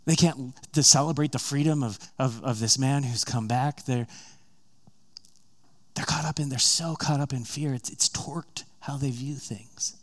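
A man delivering a sermon in a relaxed, conversational storytelling manner. He slips into the characters' voices for their quoted lines, then returns to his own telling. His voice sits at an ordinary middle pitch for a man. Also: moderate pace. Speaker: preacher.

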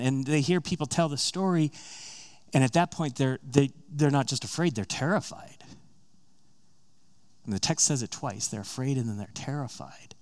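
A man's voice: medium pitch, lively intonation, moderate pace. A man preaching a sermon, retelling a story in a casual, conversational way and acting out the characters' lines.

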